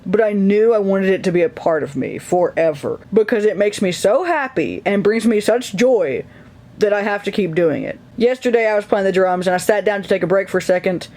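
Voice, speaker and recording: A young man with a high speaking voice talks casually to his viewers from his bed. He rambles openly and laughs often between thoughts. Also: animated, brisk, a little mellow. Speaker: video creator. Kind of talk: casual vlog chat. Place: his bedroom, lying in bed.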